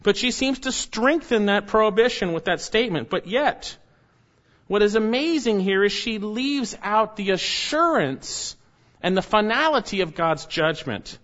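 A man's voice: sits high, expressive, a little slow, fairly bright tone. A male pastor preaching an expository sermon, stressing key words with sudden rises. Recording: dull lo-fi recording.

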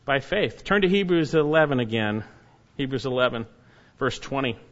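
A man preaching an expository sermon, reading scripture verse by verse and rising to loud, emphatic exhortation. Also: mid-range voice, animated, moderate pace. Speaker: pastor. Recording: dull lo-fi sermon recording.

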